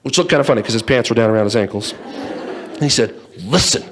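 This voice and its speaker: A man's voice: medium pitch, rapid-fire. Man telling a playful story. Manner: playful, acts out voices, jokes with the audience. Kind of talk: humorous storytelling talk. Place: in front of a live audience.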